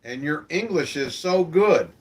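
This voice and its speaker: A man's voice: a little high, expressive, measured pace. A man hosting a live-stream show, chatting casually and in a friendly way with his viewers and asking them questions.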